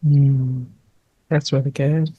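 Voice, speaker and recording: A woman therapist hosting a casual talk, warm and reassuring, often repeating words as she starts a sentence. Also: very deep voice, level tone, slow, breathy edge, no room sound, muffled recording. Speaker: therapist, podcast host.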